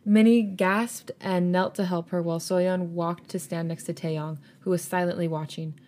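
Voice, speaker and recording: A woman podcast host reading fan fiction aloud, chatty and relaxed, with small stumbles as she goes. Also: fairly low pitch, moderate pace.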